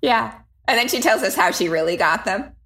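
A woman co-hosting a podcast talks with a very lively, swooping pitch. She is enthusiastic and giggly, gushing in casual chat. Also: a little fast. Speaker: podcast co-host.

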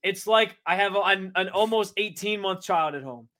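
A man co-hosting a sports podcast, talking in an animated, blunt way and swearing freely in casual debate. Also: sits high, normal speed.

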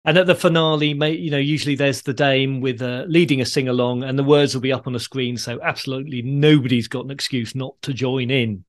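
A man hosting a podcast, calmly explaining in a dry storytelling way and delivering groan-worthy jokes. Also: mid-range voice, fairly quick, few pauses. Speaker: podcast host. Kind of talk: conversational explaining.

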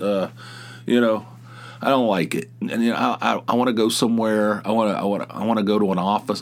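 A man hosting a solo podcast, talking casually in a rambling way with lots of restarts and asides. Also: lowish voice. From West Virginia. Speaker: podcast host.

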